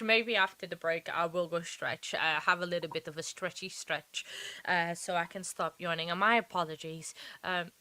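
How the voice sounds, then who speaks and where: Sleepy woman rambling to chat on a stream, bright voice, super dry sound. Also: medium pitch, dry recording. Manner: rambling, chatty, talks to chat viewers. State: sleepy, yawning. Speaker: livestream host. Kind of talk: casual live trial commentary.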